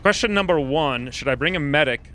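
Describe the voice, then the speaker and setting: A man's voice: fairly high pitch, lively intonation, a little fast, pushed and bright, soft background music. A man giving casual gameplay commentary, joking, self-mocking and thinking aloud about his choices. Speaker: gaming streamer.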